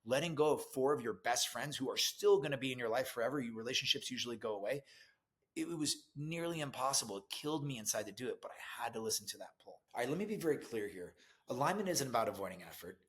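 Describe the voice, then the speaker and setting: A middle-aged man gives a motivational talk as a business coach. His delivery is earnest and emphatic but stays conversational. His voice sits at an ordinary, mid pitch for a man. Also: lively intonation, fast, a bit bright.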